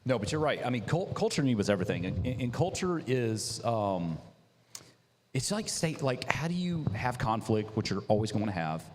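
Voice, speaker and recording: A man founder telling a story in casual chat, animated and slangy, with lots of restarts. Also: medium pitch, normal speed. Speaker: coffee business founder, guest. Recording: echoey hall with faint noise.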